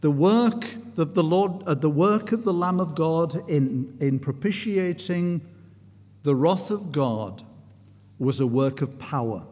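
A man with a high-ish, slightly mellow voice and lively intonation takes his time preaching. He recounts a story with earnest feeling, frequently starting sentences over as his intensity climbs. Long hall reverb colors the sound.

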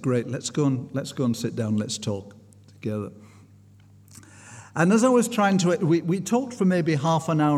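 A man's voice: a little high, a little mellow. A man preaching a sermon, telling a story in an earnest way and often restarting his sentences. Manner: earnest storytelling, frequent restarts, rising intensity. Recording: long hall reverb.

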